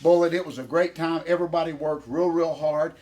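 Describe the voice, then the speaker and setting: A man's voice: a little high, steady tone, a little fast, darkish tone. A man with a Southern US accent co-hosting a casual chat, folksy and a little out of breath. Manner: folksy, calls partner "boy" and "Bullet" constantly. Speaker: co-host.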